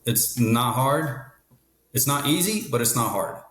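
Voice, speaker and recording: A man's voice: mid-range voice, animated, a little slow, fairly bright tone. A man talking as a guest about the car business, matter-of-fact, often adding "right?" at the ends of sentences. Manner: matter-of-fact, leans on tag questions like "right?". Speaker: guest, car dealership expert. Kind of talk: casual interview talk. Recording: roomy echo.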